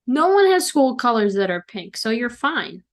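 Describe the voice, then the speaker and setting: A woman hosting a podcast in casual chat, teasing her guest with quick questions. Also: on the high side, very animated. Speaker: podcast host.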